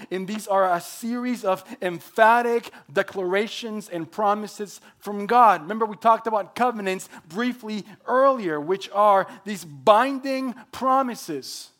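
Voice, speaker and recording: High-voiced man preaching emphatic sermon. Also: a little slow, a bit bright. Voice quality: emphatic, builds points through repetition. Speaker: pastor.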